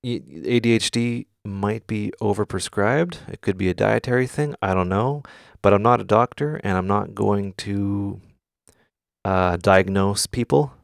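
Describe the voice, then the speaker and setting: A man's voice: fairly low pitch, a little slow, creaky, no room sound. A man hosting a casual live stream from his studio, talking candidly, swearing often and answering questions from chat. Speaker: music producer streamer. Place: home studio.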